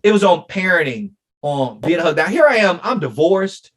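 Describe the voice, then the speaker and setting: A middle-aged man speaks as an interview guest, retelling a personal story with feeling. He talks in a lively way and acts out the lines he quotes. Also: high voice, fairly quick. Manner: emotional, animated retelling with quoted dialogue. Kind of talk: conversational storytelling.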